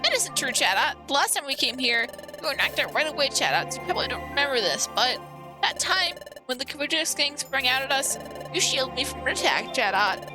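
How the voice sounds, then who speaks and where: A woman doing a gentle Pokemon guild leader. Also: sits high, big pitch swings, a little fast, music in the background. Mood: earnest. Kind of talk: live-streamed game playthrough, reading dialogue aloud.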